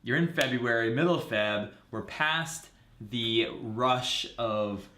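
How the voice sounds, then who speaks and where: A man's voice: mid-range voice, slow pace, pushed and bright, slight background noise. A man co-hosting a live running show, chatting casually and listing upcoming races. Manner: chatty, lists race facts from notes. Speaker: co-host. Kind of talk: casual live-stream chat. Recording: roomy echo.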